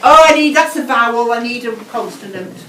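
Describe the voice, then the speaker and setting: An English woman teaching a whole class in a school classroom, giving brisk instructions and repeating key words slowly. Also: a little high, animated. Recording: echoey classroom, distant mic, noisy.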